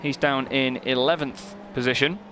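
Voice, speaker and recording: A man's voice: medium pitch, moderate pace. Man commentating over roaring cars. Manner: lively, joking, gets excited at close moments. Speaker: race commentator. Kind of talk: sim racing commentary. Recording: commentary over loud race car noise.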